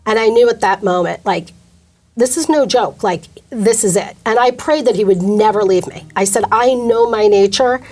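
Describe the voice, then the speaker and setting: A woman's voice: mid-range voice, mellow. Woman telling her faith testimony candidly. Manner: candid, emotional storytelling with quick asides. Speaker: guest. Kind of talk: personal testimony interview.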